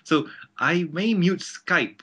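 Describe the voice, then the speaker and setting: A man's voice: high voice, animated, takes it slowly, fairly bright tone, husky. A man chatting casually as a podcast guest on an online call, rambling, stammering now and then and laughing often.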